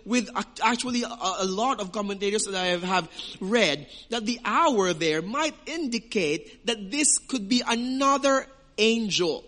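A man's voice: high voice, bright, forceful tone. A man preaching a sermon as pastor, emphatic, with rhetorical questions.

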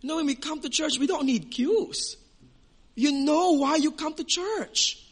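A man's voice: extremely high pitch, unhurried. A man preaching a sermon as pastor, emphatic, with rhetorical questions.

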